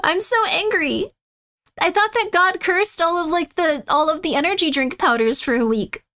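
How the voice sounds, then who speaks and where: A woman streamer chatting casually with her live chat, excitable and mock-outraged, swinging between loud bursts and muttered asides. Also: very high-pitched, moderate pace.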